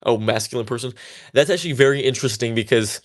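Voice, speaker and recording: A man's voice: medium pitch, fast. Chatty young man, casual and defiant. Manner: chatty and defiant, with many fillers. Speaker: tatting creator. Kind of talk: casual talk while crafting.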